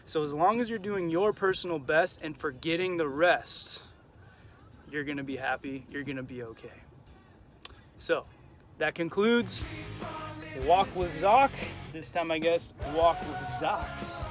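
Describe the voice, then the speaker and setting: A man's voice: on the high side, a bit bright. Upbeat young man vlogging on a walk. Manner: upbeat, encouraging, drops in Spanish phrases. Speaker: vlog host. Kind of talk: casual motivational vlog talk. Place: outdoors in a neighborhood, walking and biking.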